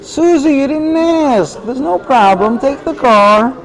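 A man's voice: high-pitched, animated, moderate pace, poor audio. A man voicing a stern middle-aged father in a story he tells. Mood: gentle. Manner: gruff refusals, then gentle giving in.

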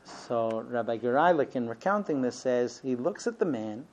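Captured on a dull lo-fi recording, this Torah teacher tells a story during a lesson, hesitating often with plenty of ums and uhs. He speaks at a moderate pace in an expressive, mid-range voice.

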